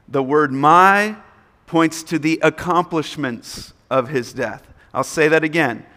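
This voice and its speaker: A man's voice: a little high, fairly bright tone. A man preaching a sermon, earnest and emphatic, repeating his key points. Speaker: pastor. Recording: long hall reverb.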